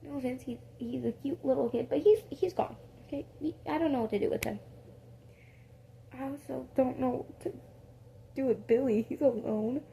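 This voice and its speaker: A woman's voice: high voice, normal speed, gravelly, mellow, a little hiss or hum. A woman improvising a casual second-person story, rambling with many fillers and corrections of herself.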